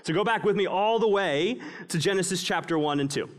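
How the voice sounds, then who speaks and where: A male pastor preaches a sermon at a brisk pace, swinging between raised, emphatic passages and hushed, low ones.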